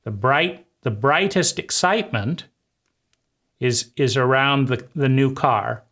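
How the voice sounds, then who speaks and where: A man teaching conversation skills in a deliberate way, often repeating himself and checking in with "right?". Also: medium pitch, a bit bright. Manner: slow, deliberate, repeats phrases and asks "right?". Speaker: life coach.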